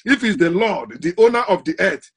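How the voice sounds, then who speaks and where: A man giving a scornful monologue, often laughing and stressing words slowly. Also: high-pitched, sing-song, a bit bright, breathy edge. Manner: scornful, laughs between points, drawn-out emphatic stresses. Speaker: online commentator. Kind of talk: mocking monologue.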